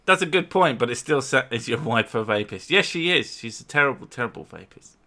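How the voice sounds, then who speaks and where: Bright-toned, swearing male host. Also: mid-range voice, animated, fairly quick. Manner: profane, argumentative banter. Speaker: channel host. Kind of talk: casual chat with his wife. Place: home.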